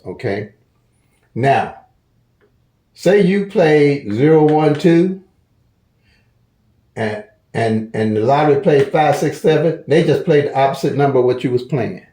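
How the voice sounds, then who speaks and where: A man's voice: mid-range voice, warm tone, reverberant, a little hiss or hum. A man with a St. Louis accent explains a lottery number system in a casual, folksy way, repeating himself and stumbling over restarts. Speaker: lottery strategy channel host. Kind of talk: casual tutorial talk.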